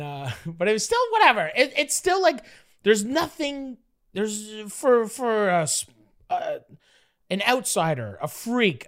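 Man guest, excitable and profane storyteller, loose and filler-heavy. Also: high-pitched. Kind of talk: casual storytelling.

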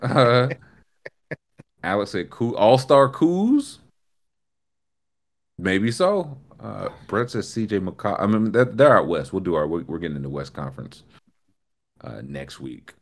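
A man's voice: sits low, normal speed, gravelly. A man hosting a casual sports talk show, reading listener picks and laughing easily as he talks. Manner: laughs often, animated and bouncy delivery. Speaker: host.

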